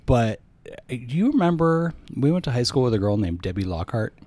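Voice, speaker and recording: A male podcast co-host with a mid-pitched, lively voice, recorded dry and close. He chats in an easygoing, self-deprecating way and laughs often. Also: brisk, no echo. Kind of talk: casual chat.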